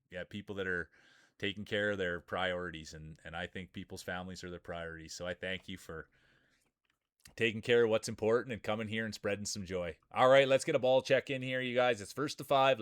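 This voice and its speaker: A man's voice: lowish voice, a bit bright, clear, resonant tone, dry recording, clean studio sound. A man hosting a live stream, giving hyped, announcer-style play-by-play of marble races and greeting chat by name. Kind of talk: mock sports play-by-play commentary.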